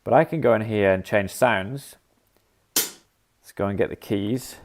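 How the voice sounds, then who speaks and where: Low-voiced man demoing an app. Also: a little slow, slight background noise. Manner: thinks aloud while clicking, scats rhythms as "da da". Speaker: app developer demonstrating features. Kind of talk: casual live-stream software demo.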